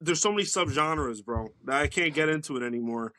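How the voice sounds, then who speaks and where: A man's voice: a little high, animated, a little fast, a loud crowd. A man chatting casually as a podcast guest, rambling loosely with lots of "like" and swearing.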